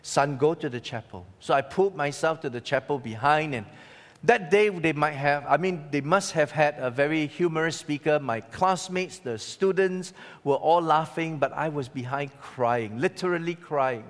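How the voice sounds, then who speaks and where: A male preacher with a somewhat raised voice tells a personal story from the pulpit. He swings between loud, emphatic lines and quiet, hushed ones. The sound carries a long reverb, as in a large church hall. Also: on the high side, moderate pace. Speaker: pastor. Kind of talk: sermon.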